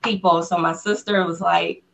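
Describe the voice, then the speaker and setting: A woman guest on an interview podcast, excitedly telling a personal story in casual conversation. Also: fairly low pitch, moderate pace, gravelly, slight background noise. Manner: excited storyteller who acts out the voices of people in her story.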